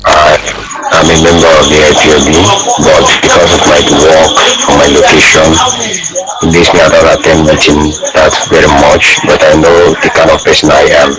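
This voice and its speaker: A man with a very deep, flat voice calls in to a radio program. He speaks earnestly but haltingly, with many fillers, heard over a phone line. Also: loud music behind the voice. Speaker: caller.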